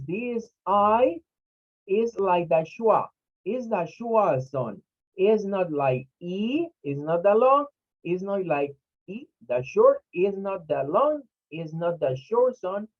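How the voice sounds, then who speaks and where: An English teacher whose first language is Spanish gives an online pronunciation lesson, slowly drilling each syllable and sound. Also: medium pitch, lo-fi sound.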